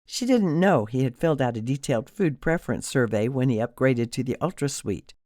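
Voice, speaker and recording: A man narrating an audiobook in an expressive storytelling manner, on a close studio mic. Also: medium pitch, a little fast, dry recording. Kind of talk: scripted narration.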